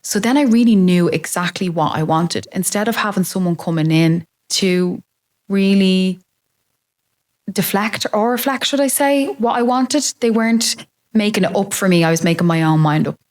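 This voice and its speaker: A woman's voice: mid-range voice, expressive, moderate pace, a little mellow. A woman in her late thirties, possibly, talking openly and reflectively about her own life as a podcast host. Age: 30s. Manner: open, reflective, confiding. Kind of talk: candid personal monologue.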